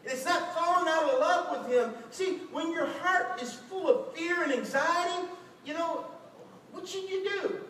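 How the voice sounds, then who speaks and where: A man preaching a lively sermon as a pastor, acting out quotes with shouts and laughter. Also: very high-pitched, unhurried. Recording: echoey hall, distant mic, faint noise.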